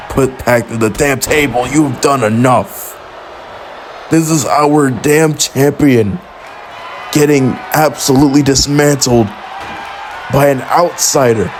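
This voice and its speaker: A man giving excited, outraged play-by-play commentary over a wrestling video game, often exclaiming and swearing. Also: medium pitch, noisy background.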